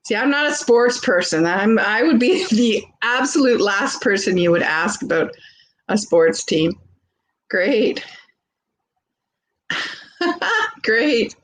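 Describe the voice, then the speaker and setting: A woman with a Canadian accent, hosting a live vintage sale and chatting warmly with viewers as she shows jewelry. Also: fairly high pitch, sing-song, slow pace, long pauses, low-quality recording. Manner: chatty and gushing, greets viewers by name. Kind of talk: casual live-stream selling.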